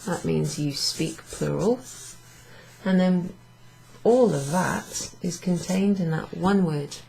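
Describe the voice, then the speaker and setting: Tired lady teaching at a board, low voice, bit of vocal fry. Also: slow, mellow, a little hiss or hum, poor audio. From Wales. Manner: explains patiently, writes on a board. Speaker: Italian language teacher. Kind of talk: casual classroom lesson.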